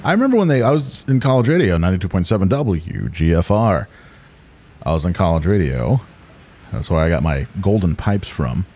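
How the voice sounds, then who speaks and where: A man in his forties hosting a casual podcast chat, excitable and profane, laughing often. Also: sits low, brisk. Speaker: podcast host.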